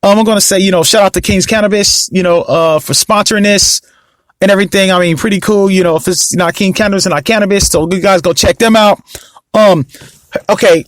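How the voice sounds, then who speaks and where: A man with a fairly high voice talks through his podcast rundown in a loose, rambling, sarcastic way. The sound is close and dry, with no room around it. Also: fairly quick, dry recording. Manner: sluggish, mock-excited intro. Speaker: podcast host. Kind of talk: casual solo podcast.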